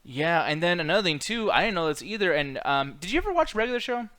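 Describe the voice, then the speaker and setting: A man co-hosting a casual live-stream chat, excitable and profane, laughing often. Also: high-pitched, quick pace, no echo. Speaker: podcast co-host.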